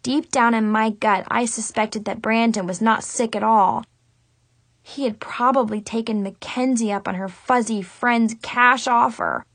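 A woman reading a first-person children's story with a dramatic, expressive teen-girl manner. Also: fairly high pitch, measured pace, no room sound. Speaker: audiobook narrator.

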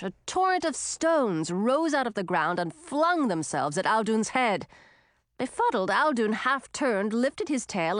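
A woman narrating a storybook in an expressive, animated reading style. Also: medium pitch, dry recording, studio quality.

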